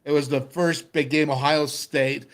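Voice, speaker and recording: Middle-aged male sports-talk host, fairly high voice, animated storyteller who does the voices. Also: unhurried. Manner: animated storyteller, acts out voices, laughs often. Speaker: radio show host, former football player.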